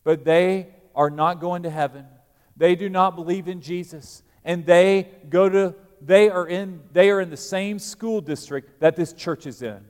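A man preaches a sermon, his voice sitting a little high for a man. He swings between loud emphatic peaks and quiet, dropped asides. A long church reverb trails behind his words. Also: measured pace, smooth. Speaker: pastor.

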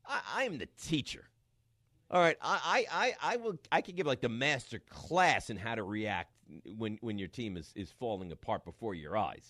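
A middle-aged man hosts a sports radio show with a lively, swooping voice and dry studio sound. He banters casually with his co-host and acts out family stories in quick voices. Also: mid-range voice, dry recording. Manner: animated storyteller, acts out family quotes. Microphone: studio microphone.

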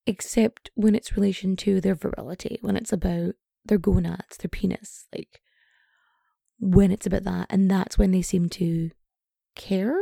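A woman hosting a comedic podcast, chatting in rambling asides with lots of fillers, her voice getting hoarse. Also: mid-range voice, fairly even intonation, a little slow, warm tone, no room sound, studio quality. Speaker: podcast host. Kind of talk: casual comedic storytelling.

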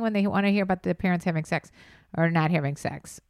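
A woman's voice: mid-range voice, fast, no echo, clean studio sound. A woman in her sixties co-hosting a casual podcast, chatty and enthusiastic, rambling through her stories. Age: 60s. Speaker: podcast co-host.

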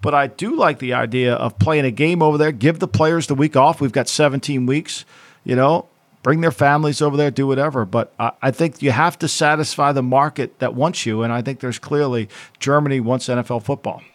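A man's voice: medium pitch, fairly quick. A man co-hosting a sports podcast as a former football executive, talking casually in a rambling way with frequent restarts. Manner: rambling, repetitive, with many restarts.

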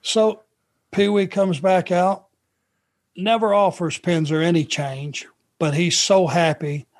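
A middle-aged man from Georgia, a former wrestler telling road stories in a relaxed, anecdotal way. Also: high voice, slow pace. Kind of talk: podcast storytelling.

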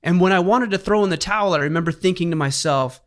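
Man, middle-aged, podcast host, earnest storyteller, slightly high voice. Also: quick pace. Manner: earnest storytelling, emotional at times. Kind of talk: casual podcast conversation.

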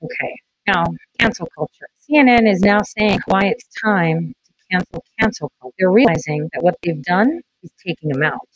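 A woman's voice: lowish voice, lively intonation, moderate pace, poor audio. A woman hosting a livestream, chatting casually and talking straight to her viewers. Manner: chatty, addresses viewers directly. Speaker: host.

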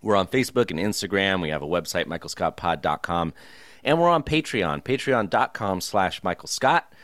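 Lively laughing man hosting a trivia round. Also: low voice, moderate pace, no echo, clean studio sound. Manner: laughs often, lively quizmaster. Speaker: podcast host reading listener trivia. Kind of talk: casual chat.

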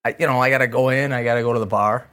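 A man's voice: medium pitch, steady tone, very fast, fairly bright tone. A man from Chicago in a casual chat, teasing the others.

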